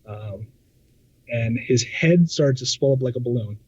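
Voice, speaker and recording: A man telling a personal story in a casual, halting way, often stammering and repeating words with many fillers. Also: mid-range voice, darkish tone, slightly rough, no room sound. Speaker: podcast guest. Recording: dull lo-fi sound.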